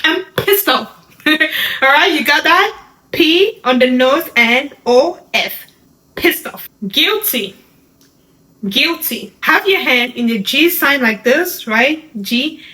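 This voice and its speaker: A woman's voice: high-pitched, lively intonation, bright, forceful tone, low-quality recording. A woman teaching a beginner sign language lesson, patient and step by step, often checking in with "right?". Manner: slow, patient step-by-step instruction with frequent "right?".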